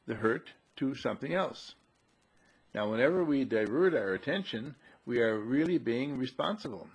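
A man's voice: mid-range voice, husky. A man giving a conversational spiritual talk, repeating himself and asking rhetorical questions. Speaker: spiritual speaker.

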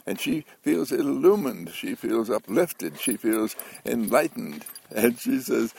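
A man speaks in a husky, gravelly voice that rises and falls with animation. He gives an inspirational talk, asking his listeners questions. He chuckles often and acts out the voices of the people in his stories. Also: mid-range voice, sing-song, slow pace, darkish tone. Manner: asks the listeners many questions; chuckles as he talks.

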